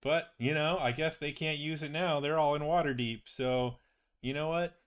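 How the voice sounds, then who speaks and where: A chatty male wizard in a tabletop game who rambles eagerly and lifts his pitch as he gets excited, with a man voicing him. He tumbles from one thought into the next. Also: moderate pace, smooth, natural voice.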